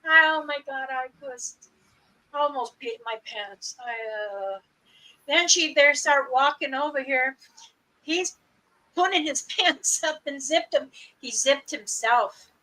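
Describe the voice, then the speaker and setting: Slow, high-voiced older woman storyteller. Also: bright, forceful tone, poor audio. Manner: laughing often through a funny story. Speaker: livestream host. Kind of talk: casual storytelling. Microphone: streaming mic.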